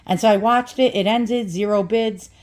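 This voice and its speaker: A woman's voice: mid-range voice, moderate pace, darkish tone. Chatty lady unboxing antiques on camera, rambly, jokes at herself, keeps restarting sentences. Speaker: antique vlogger. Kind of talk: casual unboxing chat.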